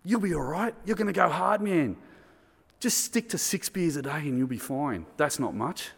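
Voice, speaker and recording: A man voicing a brash older male pub drinker dispensing bad advice, loud and high-pitched, in a reverberant hall. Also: animated, normal speed, creaky, husky, exaggerated voice. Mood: boastful.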